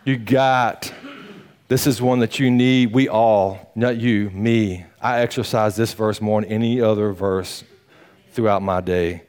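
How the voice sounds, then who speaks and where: A man, a pastor preaching a sermon in a folksy, animated storytelling manner, acting out the quotes. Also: fairly low pitch, measured pace, clean tone.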